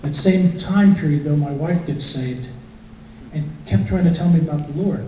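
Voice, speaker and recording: A middle-aged man tells his personal testimony in an easy, conversational storytelling way. His voice sits a little high for a man. He sounds distant, with a strong echo filling the church hall and a faint hiss underneath. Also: normal speed, dark tone. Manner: conversational storytelling, acting out quotes. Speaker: guest speaker. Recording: echoey hall from far off, faint noise.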